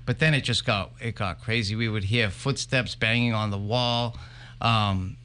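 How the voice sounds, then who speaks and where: A man being interviewed as a paranormal investigator on a live podcast, telling his stories in an animated, emphatic way. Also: fairly low pitch, a little slow.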